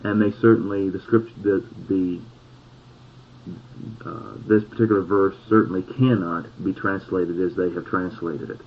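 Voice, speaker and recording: A man preaching a sermon, reading scripture slowly and pausing on key words for emphasis. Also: deep voice, steady tone, slightly rough. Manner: slow, deliberate scripture reading with emphatic pauses. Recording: tinny phone-like sound.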